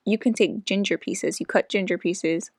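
A woman's voice: medium pitch, moderate pace, no room sound. Chatty woman, dry close sound. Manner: chatty, animated storytelling with many "like"s. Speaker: podcast co-host. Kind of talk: casual chat.

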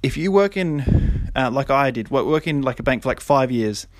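A young man hosting a solo podcast, talking casually and then getting preachy and animated, with lots of fillers and quick laughs. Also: medium pitch, dry recording. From Australia. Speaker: podcast host.

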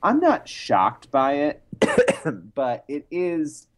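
A man co-hosting a podcast in casual chat, telling wry, animated anecdotes and giving opinions. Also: on the high side, extremely slow. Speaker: podcast co-host.

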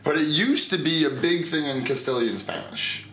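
A man co-hosting a casual chat, animated and quick to laugh, hedging as he explains. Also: on the high side, echoey room, slight background noise. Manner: animated, laughs easily, hedges a lot. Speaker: podcast co-host. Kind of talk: casual chat about Spanish language.

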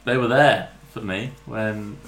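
A man's voice: lowish voice, slow pace, fairly bright tone. A man playing a tabletop game, teasing his friends with half-joking complaints. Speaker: player. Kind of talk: casual chat while playing a tabletop game. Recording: echoey room.

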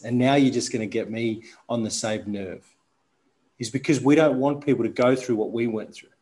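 A man's voice: mid-range voice, darkish tone. Man coaching in a reflective tone. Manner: deliberate, reflective, emphatic. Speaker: podcast host, coach.

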